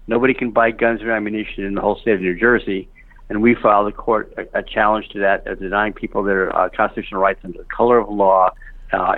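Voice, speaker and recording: A middle-aged man speaking as a guest over the telephone, steady and factual, with many fillers. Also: lowish voice, dry recording. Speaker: phone-in guest. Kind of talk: phone interview. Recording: dry, tinny phone line.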